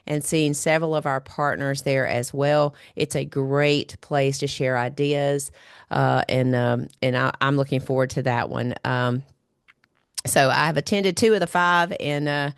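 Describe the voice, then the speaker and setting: Nasal low-voiced woman host. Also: fairly even intonation, a little slow, smooth, no echo, studio quality. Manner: rambling, many fillers. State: nasal, recovering from a cold. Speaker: podcast host. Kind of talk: casual podcast monologue.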